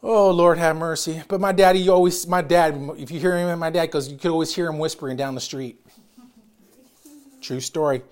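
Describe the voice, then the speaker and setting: A middle-aged man preaching a sermon as pastor, loud and emphatic, calling out to his congregation. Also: on the high side, steady tone, brisk.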